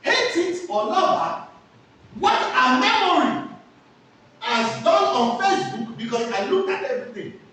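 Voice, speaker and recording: A woman's voice: high voice, sing-song, unhurried, a bit bright, a little hiss or hum. A woman teaching a class, asking questions and answering them herself. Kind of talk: classroom lecture with call-and-response questions. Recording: echoey room, voice from far off.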